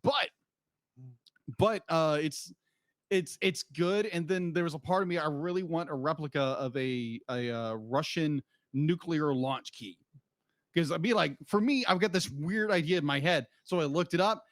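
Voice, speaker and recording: In clean studio sound with no room echo, a man with a slightly high voice co-hosts a podcast at a moderate pace. The chat is casual, and he rambles, restarts often, and laughs.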